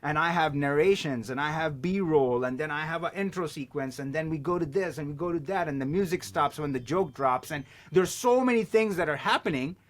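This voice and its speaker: A man talking as a podcast guest, telling stories in an animated way and swearing casually. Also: on the high side, a little fast, few pauses. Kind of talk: casual chat.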